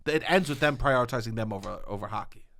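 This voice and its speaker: A man co-hosting a podcast, chatting excitedly and laughing a lot, sometimes acting out bits for a joke. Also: mid-range voice, quick pace. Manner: animated, laughs a lot, jokingly acts out a character. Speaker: podcast co-host. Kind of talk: excited casual chat.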